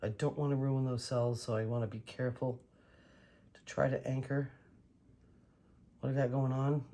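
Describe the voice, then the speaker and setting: A woman vlogging casually while she paints, excitable and talking to herself and her dog. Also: very deep voice, moderate pace. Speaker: acrylic pour painting vlogger.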